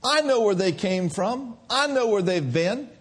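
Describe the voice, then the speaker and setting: Male preacher, middle-aged, high voice, swooping animated delivery, shouts then hushes. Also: measured pace, husky. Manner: exuberant, shouting and dropping to hushed tones. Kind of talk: sermon.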